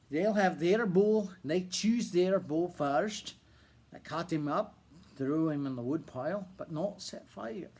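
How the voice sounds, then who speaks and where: A man voicing the prophet Elijah in a put-on Irish accent, bold and taunting. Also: exaggerated voice. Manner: taunting, loud and high when mocking.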